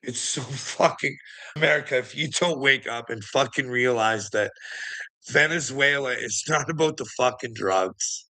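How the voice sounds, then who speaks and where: A man's voice: mid-range voice, measured pace, bright, forceful tone. A man ranting casually to his viewers, swearing constantly, rambling and laughing between thoughts. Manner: profane, rambling, laughing often.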